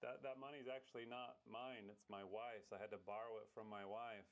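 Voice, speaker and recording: A man's voice: fairly low pitch, fairly even intonation, brisk, low-quality recording. Stammering man playing naive on a call. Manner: hesitant, stammering, feigns eagerness. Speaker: scam baiter on a phone call. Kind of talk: casual phone conversation.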